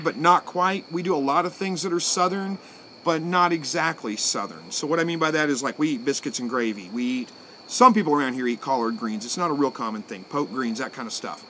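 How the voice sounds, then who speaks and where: A man, chatting casually on a live stream as he answers viewer comments. His voice sits a little high for a man, and he talks in a relaxed, folksy way, thinking out loud. There is a faint hiss behind him with crickets chirping. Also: fairly quick. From Southwest Missouri, USA. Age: 40s.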